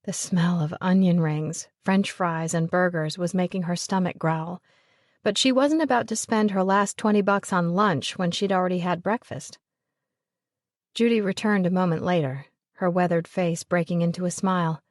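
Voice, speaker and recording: A woman narrating a romance audiobook in an even, measured way. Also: lowish voice, dry recording, studio quality. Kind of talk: scripted narration of a romance novel.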